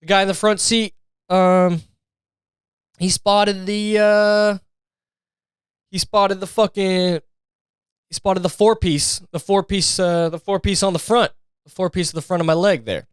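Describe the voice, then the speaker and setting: A man's voice: sits high, fairly even intonation, measured pace, pauses often, clear, resonant tone, dry recording. A young man hosting a podcast, telling stories in a rambling, profane, joking way and mimicking people for laughs. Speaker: podcast host. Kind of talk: casual comedic monologue.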